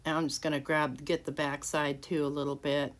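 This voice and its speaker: Her delivery is flat and fairly quick, with a low pitch. Working in her home craft room, the woman casually talks through making a handmade card, restarting often in this informal tutorial.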